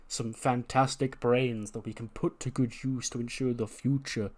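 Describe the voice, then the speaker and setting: A man voicing a pompous male university professor who talks in a lofty, drawn-out way. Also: medium pitch, fairly even intonation, a little mellow, close to an everyday voice. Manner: grandiose, drawn-out words.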